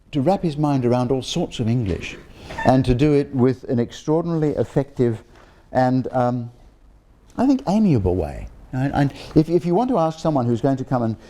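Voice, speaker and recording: A man's voice: medium pitch, mellow. An older man, a professor giving an informal public talk, genial and digressive, with frequent restarts and ums. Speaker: guest speaker, linguistics professor. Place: room with an audience of guests.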